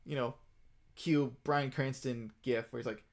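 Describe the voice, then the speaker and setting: Male streamer, casual rambling talk, filler-heavy, mid pitch, gets excitable. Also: slow, long pauses.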